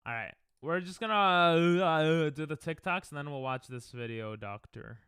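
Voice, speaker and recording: A man's voice: on the high side, expressive, normal speed, a bit bright, clean tone, dry recording, clean studio sound. A young man streaming, giving casual reaction commentary with laid-back, laughing asides.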